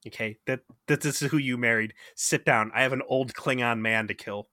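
A man voicing a brash, cocky male starship pilot who talks in quick, sarcastic bursts. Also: mid-range voice, fairly even intonation, sharp tone, no room sound, clean studio sound, natural voice. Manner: rapid, swaggering, sarcastic.

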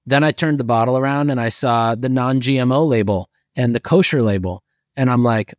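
A man's voice: medium pitch, brisk, no room sound, studio quality. A man co-hosting a business podcast in casual chat, telling stories with lots of swearing and acted-out quotes of his own reactions. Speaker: podcast co-host.

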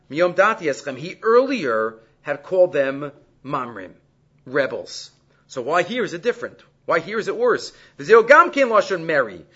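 A man giving a Torah class, reading Hebrew quotes and explaining them in English with animated emphasis. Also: sits high, lo-fi sound. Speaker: Torah teacher.

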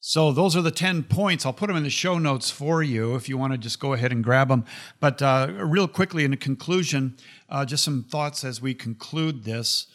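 A man hosting a show, giving an animated, casual teaching talk, laughing often and repeating phrases for emphasis. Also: mid-range voice, moderate pace. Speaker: podcast host.

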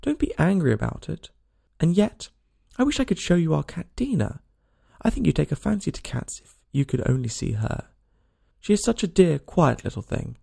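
A man's voice: fairly high pitch, big pitch swings, moderate pace, gravelly, warm tone, breathy edge, voice pushed up, full character voice. A man voicing a polite, curious young girl who chatters eagerly and earnestly in a storybook reading.

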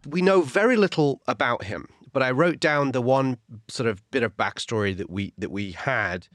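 An Englishman co-hosting a film podcast, mid-pitched and thoughtful with a dry wit. He picks his words with care and talks casually. The recording is close and dry. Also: lively intonation, normal speed, fairly bright tone, no room sound. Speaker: podcast co-host, screenwriter.

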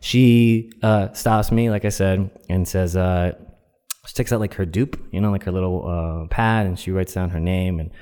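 A man's voice: low-pitched, fairly even intonation, normal speed, mellow, clear, resonant tone. A man telling a personal story in a casual, rambling way, with lots of fillers. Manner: rambling, many fillers, acts out quoted voices. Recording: long echoey reverb.

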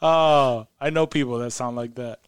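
A man co-hosting a casual podcast, talking in an animated way, laughing often and restarting his sentences. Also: medium pitch, normal speed, clean tone, no room sound. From Hispanic background. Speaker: podcast co-host. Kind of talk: casual chat.

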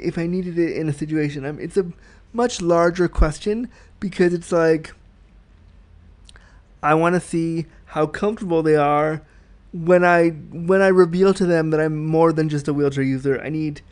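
A man's voice: fairly high pitch, darkish tone. A man hosting a solo podcast, talking frankly and reflectively as he explains his thoughts at length. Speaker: podcast host.

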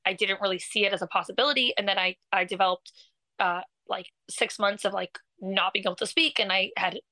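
A woman's voice: mid-range voice, fairly quick, no echo, rough recording. A young woman from England, a singer, talking in a casual interview with lots of laughs, fillers and restarts. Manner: animated, laughs often, many fillers and restarts. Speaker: singer and guest.

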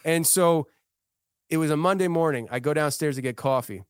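A man's voice: fairly high pitch, fairly quick, clear, resonant tone, no echo, studio quality. A man in his thirties, a podcast guest, telling a personal story in a casual, earnest way, often restarting his sentences. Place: podcast studio.

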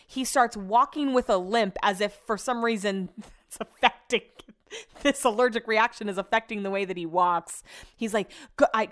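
A young woman casually telling viewers a funny story, chatty, laughing often and swearing freely. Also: medium pitch. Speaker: vlogger.

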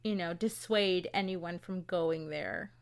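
A woman with a lowish, smooth voice and a Californian accent speaks slowly as she co-hosts a casual podcast. She tells a local legend in a relaxed storytelling chat, laughing often and swearing now and then.

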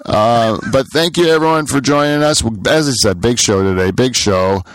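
A man's voice: medium pitch, normal speed, smooth, dry recording. A man hosting a comedy podcast, rambling and joking with lots of fillers. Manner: joking, rambling, with many fillers and mock-announcer intros. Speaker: podcast host. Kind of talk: casual comedy banter. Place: pool shed.

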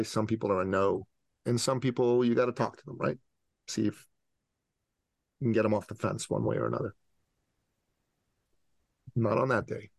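Man, forties, from the middle east, business coach, animated storyteller, gravelly, dry close sound. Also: on the low side, dry recording. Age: 40s. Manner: dramatic, acts out scenes with voices. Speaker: podcast guest, business coach.

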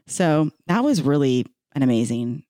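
Low-voiced, lively woman podcast host. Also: normal speed, no room sound, clean studio sound. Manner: supportive listener, encouraging. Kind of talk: casual chat.

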